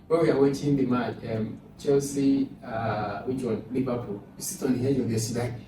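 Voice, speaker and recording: A man's voice: medium pitch, fairly even intonation, normal speed, background noise. Guy tutoring, far from the mic in a really echoey room. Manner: asks and answers his own questions. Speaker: exam prep tutor. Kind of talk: explaining exam questions.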